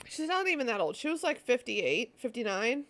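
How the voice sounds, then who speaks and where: A woman streaming a story game, musing aloud and poking fun at herself in a casual way. Her voice is fairly high and lively, with a gravelly fry. Game music runs behind her. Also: moderate pace, no echo. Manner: musing aloud, self-mocking. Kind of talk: casual live-stream commentary.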